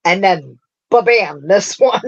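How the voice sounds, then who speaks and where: A woman's voice: mid-range voice, animated, slow pace, lo-fi sound. A woman hosting a craft livestream, chatting in a rambling way and laughing often as she talks to viewers. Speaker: craft show host. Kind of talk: casual livestream chat.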